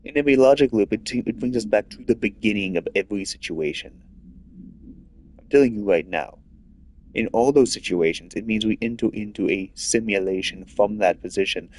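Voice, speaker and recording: A man's voice: fairly low pitch, fairly quick, a little mellow. Rambling man streaming a game. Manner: rambling, lots of filler "like". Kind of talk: casual rambling commentary over gameplay.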